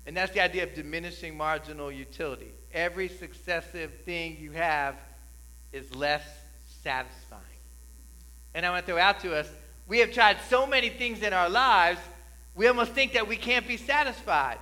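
High, bright-voiced male pastor preaching. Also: moderate pace, poor audio. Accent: New Jersey. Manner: conversational, rising to emphatic preaching. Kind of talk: sermon. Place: church sanctuary.

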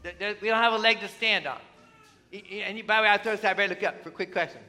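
Bright-voiced male preacher. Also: sits high, very fast. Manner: emphatic, conversational, asks the congregation questions. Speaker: pastor. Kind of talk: sermon. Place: church.

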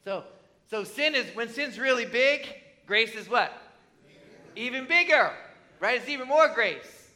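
A pastor preaching a conversational sermon in church, often asking the congregation questions. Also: male voice, very high-pitched, lively intonation, a little slow, pauses often, sharp tone. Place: church with slides on a screen.

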